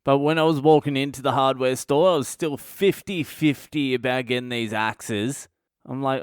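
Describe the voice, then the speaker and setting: A man's voice: mid-range voice, fairly even intonation, moderate pace, smooth, no echo, clean studio sound. A man in his thirties with an Australian accent, hosting a podcast and telling a blunt, profane, self-mocking comic story. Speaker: comedian podcast host.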